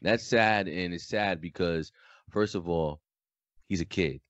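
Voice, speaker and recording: Deep-voiced deadpan male podcast co-host. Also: measured pace, no echo, lo-fi sound. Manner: deadpan, flat delivery. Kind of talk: casual chat.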